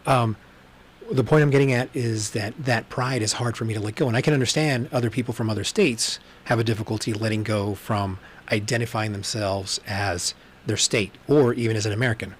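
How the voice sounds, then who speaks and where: Low-voiced man, rambling livestream talk. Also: a little fast, slight background noise. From Texas. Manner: rambling, profane storytelling with frequent ums. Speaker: podcast host. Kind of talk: casual solo livestream monologue. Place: room at home with books behind him. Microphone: webcam livestream, on camera.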